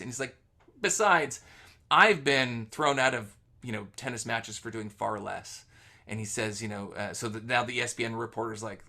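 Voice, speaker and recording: Bright-voiced man telling a story. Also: mid-range voice, moderate pace. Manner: animated anecdote-telling with fillers. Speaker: host. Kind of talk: casual webinar storytelling.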